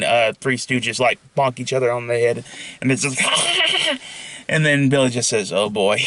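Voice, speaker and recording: A young man pitching his own film idea in a casual, rambling monologue full of fillers and restarts. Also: fairly bright tone, dry recording.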